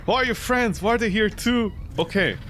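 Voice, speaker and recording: A man's voice: high voice, normal speed, a bit bright, a little hiss or hum. A man streaming a horror game, rambling and joking as he talks back at it. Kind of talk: let's play commentary.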